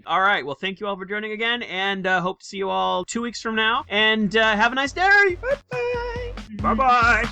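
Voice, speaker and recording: A man's voice: sits high, fairly quick, creaky, hardly any pauses, bright, forceful tone, smooth, faint music behind. A man hosting a casual group podcast, rambling and restarting his sentences. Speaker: podcast host.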